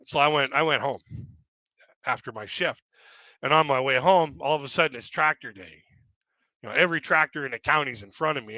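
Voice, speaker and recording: Bright-voiced man rambling through stories. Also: medium pitch, no echo, low-quality recording. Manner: loose, self-correcting, laughs at his own stories. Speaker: stand-up comedian. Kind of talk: rambling anecdotal storytelling.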